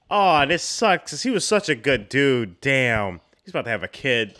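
A man's voice: mid-range voice, very animated, moderate pace, hardly any pauses, bright, forceful tone. A man hosting a reaction video, exclaiming and chatting in casual slang about what he watches.

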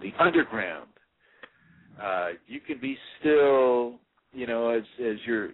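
A man giving a relaxed, rambling talk as a spiritual teacher, with many fillers and restarts. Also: on the low side, slightly rough. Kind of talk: casual instructional talk. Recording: tinny lo-fi phone-like audio.

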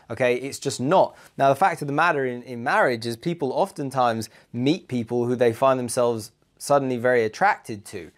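A man, co-hosting a podcast and giving blunt, emphatic relationship advice in casual chat. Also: mid-range voice. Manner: chatty, emphatic, British slang.

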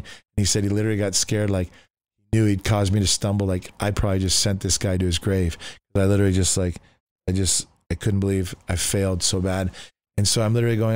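A pastor telling his conversion testimony as a guest, animated, with many restarts and acted-out voices. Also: on the low side, a little fast, clean tone, no echo. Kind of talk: storytelling testimony.

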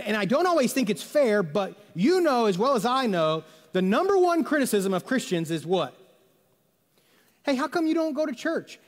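A man delivers a sermon to his congregation, loose and chatty, with plenty of jokes and rhetorical questions. His voice sits high for a man. The sound carries a long reverb from the church hall. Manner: conversational, jokey storytelling with rhetorical questions. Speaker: pastor. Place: church sanctuary.

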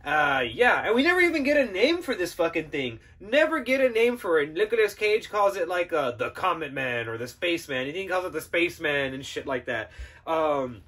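A man's voice: on the high side, very animated, moderate pace, a bit bright, slightly rough. A man hosting a podcast, giving a casual, profane and sarcastic film review with frequent laughter. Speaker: podcast host.

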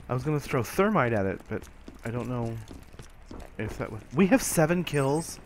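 A man's voice: mid-range voice, sing-song, moderate pace, a little hiss or hum. A man casually commentating his own online shooter match, rambling and stammering, often mocking himself. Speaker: gameplay commentator.

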